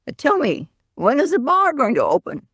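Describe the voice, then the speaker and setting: An earnest monk pleads in an urgent, insistent voice, as a woman puts him on while telling a story. The pitch is raised and lively. The sound is dry and close. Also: normal speed, dry recording, full character voice. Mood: pleading.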